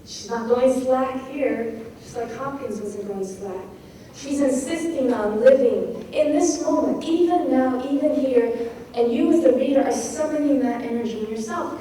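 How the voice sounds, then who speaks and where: A woman's voice: fairly high pitch, dark tone. A woman teaching a poetry craft talk, reading lines aloud with emphasis and reflection. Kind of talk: lecture analyzing a poem. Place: lecture hall. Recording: distant, very echoey hall recording with faint noise.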